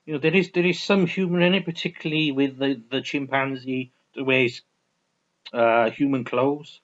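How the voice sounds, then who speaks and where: A man's voice: mid-range voice, steady tone, normal speed. Rambling man reviewing films. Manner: rambling, full of restarts and swearing. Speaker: film reviewer. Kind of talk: casual film review vlog. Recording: dull lo-fi recording.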